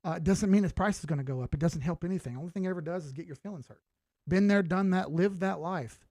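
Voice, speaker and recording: A man's voice: high voice, fast, a little mellow, no echo, studio quality. A man in his late thirties hosting a casual crypto livestream, talking laid-back and straight to his viewers and swearing casually. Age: 30s. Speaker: crypto chart analyst and livestream host.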